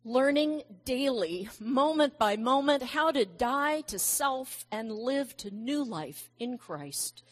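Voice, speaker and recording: A middle-aged woman preaching a sermon at an unhurried pace. Her voice sits a little high, and she speaks gently and reflectively, slipping into warm personal stories. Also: animated.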